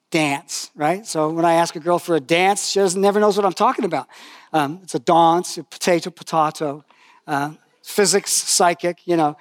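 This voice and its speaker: Older male preacher, high-pitched and chatty, dry close-miked sound, storytelling sermon with humor. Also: dry recording. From lived in New Zealand for decades.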